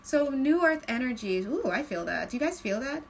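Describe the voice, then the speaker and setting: Chatty woman doing a tarot reading, kinda high voice, light hiss behind her. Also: normal speed, poor audio. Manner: chatty, laughs often, stretches words when calm. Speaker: tarot card reader. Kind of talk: casual spiritual card reading.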